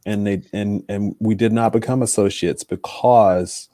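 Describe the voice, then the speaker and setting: Man co-host, slow and measured, dark mellow voice, dry sound. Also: on the low side, fairly even intonation, dry recording. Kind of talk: casual chat.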